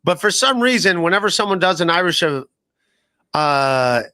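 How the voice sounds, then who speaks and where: Guy hosting a podcast, high pitched, super lively up and down voice, loose chatty livestream vibe. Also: normal speed, clear, resonant tone. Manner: animated, mimics people with sudden jumps in pitch. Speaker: podcast host. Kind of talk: casual livestream chat.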